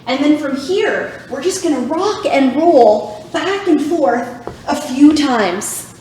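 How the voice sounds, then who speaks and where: High-voiced woman coaching kids through yoga, really echoey room, upbeat and encouraging. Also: expressive, slow, darkish tone, slight background noise. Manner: upbeat, encouraging, makes animal sounds. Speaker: youth yoga instructor. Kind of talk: guided kids' yoga class.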